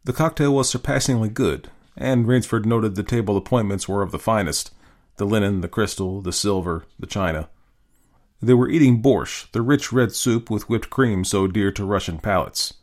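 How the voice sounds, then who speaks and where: A man hosting and reading a classic short story aloud in an expressive, varied narrating style. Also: on the low side, normal speed. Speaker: host and story reader. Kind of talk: scripted narration.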